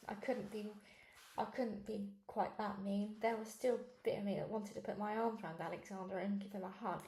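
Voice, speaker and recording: Gravelly-voiced woman reading a storybook. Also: medium pitch, normal speed, echoey room, a little hiss or hum. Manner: lively first-person storytelling. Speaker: reader. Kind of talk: storybook read-along narration.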